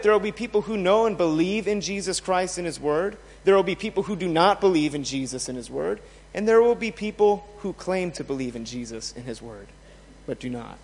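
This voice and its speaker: A pastor preaching a sermon to his church, emphatic, asking rhetorical questions and swinging between loud and soft. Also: high voice, long reverb tail. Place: church in a large hall.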